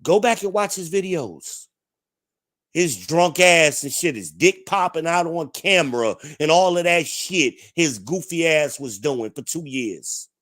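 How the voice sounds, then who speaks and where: With a fairly high, somewhat bright voice, the New Jersey host launches into ranting commentary at his live chat, delivered in a profane, combative, no-holds-barred style.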